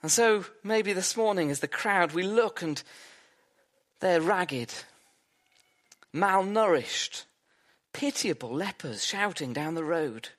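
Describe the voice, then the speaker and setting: A man preaching a sermon, retelling a story vividly and dropping his voice low for emphasis. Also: expressive, slow, pauses often, a bit bright.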